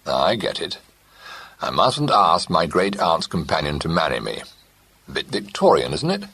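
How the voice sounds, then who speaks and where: A man reading an audiobook, voicing a blunt young gentleman who persists in courting. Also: deep voice, sing-song, moderate pace, slight background noise, exaggerated voice. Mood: teasing. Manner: blunt, straight to the point.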